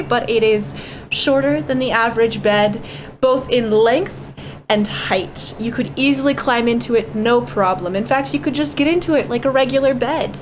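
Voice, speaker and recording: A woman's voice: fairly high pitch, a little hiss or hum. Woman game master narrating a tabletop scene. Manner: relaxed, wry scene description with fillers.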